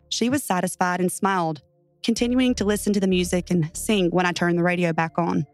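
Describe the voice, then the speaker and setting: A woman's voice: on the low side, steady tone, a little fast, soft background music. A woman reading a first-person true horror story aloud with tense, dramatic delivery. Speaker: story narrator.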